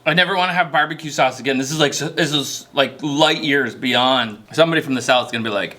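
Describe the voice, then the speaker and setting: A man's voice: medium pitch, brisk, pushed and bright. A man hosting his own cooking video, chatting casually as he cooks and laughing at his own mistakes. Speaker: cooking channel host.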